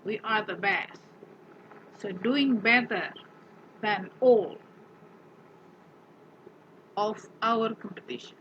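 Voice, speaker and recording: A woman's voice: mid-range voice, takes it slowly, long pauses, fairly bright tone, lo-fi sound, slight background noise. A woman teaching an English grammar lesson. She patiently repeats example words and keeps asking the class questions.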